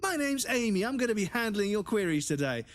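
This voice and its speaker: Over-the-top friendly American service worker, high and singsong, gushing greeting, as a man mocks it. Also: very animated, a little fast. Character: overly cheery American customer service worker.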